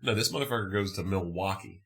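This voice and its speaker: A man in a loose podcast conversation, his voice bright and forward. He rants about a movie with animated, profane exasperation, jumping between laughing disbelief and mock outrage. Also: low voice, fast talker, creaky. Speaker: podcast host. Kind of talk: casual movie chat.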